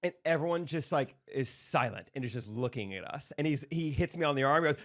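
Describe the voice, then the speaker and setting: A man's voice: medium pitch, animated, brisk, hardly any pauses, fairly bright tone. A man with a Midwestern American accent co-hosting a podcast, telling stories animatedly and acting out the other people's lines. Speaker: podcast co-host. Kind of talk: casual storytelling chat.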